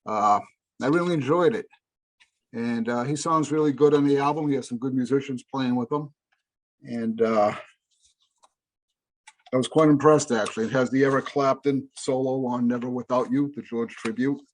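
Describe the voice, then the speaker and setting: A man's voice: medium pitch, moderate pace, pauses often. Rambling middle-aged man chatting. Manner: rambling, self-correcting, enthusiastic. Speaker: podcast co-host. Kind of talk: casual chat about music.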